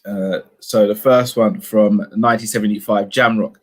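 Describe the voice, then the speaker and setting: Reading out comments from viewers, this man steers a casual live-stream conversation by pressing with sharp questions. He speaks at a moderate pace with few pauses, in a fairly low voice whose intonation stays fairly even.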